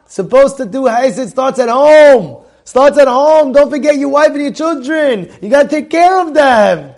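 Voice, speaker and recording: High-pitched guy rabbi giving a torah class, super chatty, storytelling and calling on people. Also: lively intonation, moderate pace, few pauses, darkish tone. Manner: conversational, tells stories, quizzes the audience by name. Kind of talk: informal Torah lecture.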